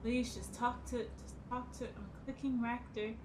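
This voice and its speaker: A woman's voice: on the high side, steady tone, normal speed, noisy background. A woman hosting a let's play, chatting playfully while she plays. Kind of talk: casual gameplay commentary.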